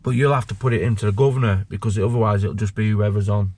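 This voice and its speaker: A man, a former prisoner, telling his story with halting emotion and many restarts. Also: lowish voice, fairly even intonation, darkish tone, no echo. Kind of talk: candid personal storytelling.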